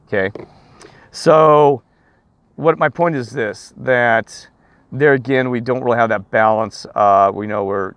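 A man ranting outdoors to his viewers in a rambling, preachy, emphatic way. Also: mid-range voice. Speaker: vlogger. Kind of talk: rambling rant to camera.

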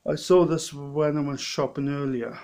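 A man's voice: on the high side, little pitch movement, a little mellow. A man with a Welsh accent, a bit drunk, rambling and restarting his sentences as he tastes a beer in a casual vlog. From Wales. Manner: rambling, halting, with many restarts. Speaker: lay preacher vlogger.

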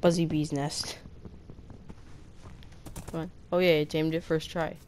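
A woman hosting a gaming channel, chatting casually as she plays, breaking into excited squeals and slowly sounding out foreign words. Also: low-pitched, slight background noise. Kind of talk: casual gameplay commentary.

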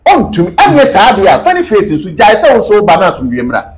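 Man, high and very expressive, emphatic interview guest. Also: fast talker, crowd noise, poor audio. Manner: animated, emphatic, repeats key phrases. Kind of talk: casual interview talk mixing Twi and English.

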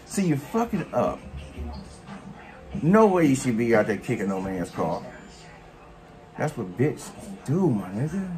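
Male vlogger, mid-pitch voice, scolding and mocking rant style with faint music behind. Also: big pitch swings, a little slow, pauses often, a little mellow. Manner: scolding, mocking, heavy slang and cursing. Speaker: commentary vlogger. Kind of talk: profane reaction rant.

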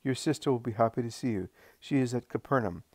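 A man voicing a gentle, serene male teacher who speaks calmly and reassuringly. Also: medium pitch, quick pace, husky, no room sound, lightly acted. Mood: tender. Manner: calm, tender, reassuring.

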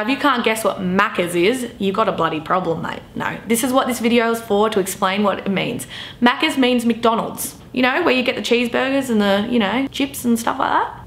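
A young woman with an Australian accent, talking quickly and swearing freely as she explains slang in a playful, casual vlog. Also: mid-range voice, fairly bright tone, a little hiss or hum. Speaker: vlogger. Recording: echoey room.

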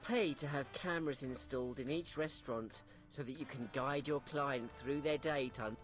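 A voice actor narrating a game's tutorial in a measured, instructive way. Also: mid-range voice, soft background music, natural voice. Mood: calm. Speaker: in-game narrator.

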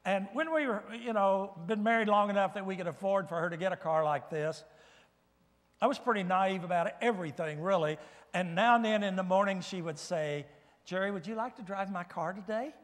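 An older man giving a guest sermon in a church, telling folksy stories with gentle humor. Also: high voice, a little fast, long reverb tail. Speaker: guest preacher. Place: church sanctuary.

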